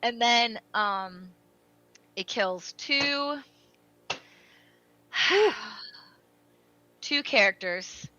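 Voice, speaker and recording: A young woman co-hosting a podcast, retelling a story in an animated way with lots of fillers. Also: on the high side, drawn-out words, pauses often, dull audio. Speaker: podcast co-host. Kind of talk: casual chat.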